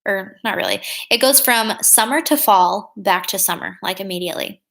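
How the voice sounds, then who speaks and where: A young woman in her twenties talks casually with her livestream audience at normal speed, using lots of fillers and reading chat comments out loud. Her mid-range voice is creaky and a bit bright.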